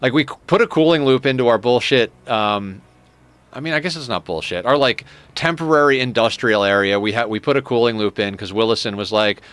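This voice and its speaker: A man's voice: mid-range voice, brisk, fairly bright tone, clean tone. A man streaming a game live who rambles in casual, profane commentary, chuckling often as he talks into a desk microphone.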